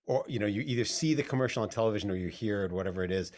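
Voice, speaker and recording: A man hosting an interview, asking stumbling questions in a casual, animated way. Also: on the low side, very fast, few pauses. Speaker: interview host.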